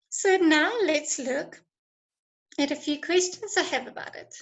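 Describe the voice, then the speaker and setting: High voiced lady teacher going slow, lots of praise, bit hoarse. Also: rough recording. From South Africa. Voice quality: voice goes hoarse when talking a lot. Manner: encouraging, praises students often. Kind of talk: online lesson with live chat.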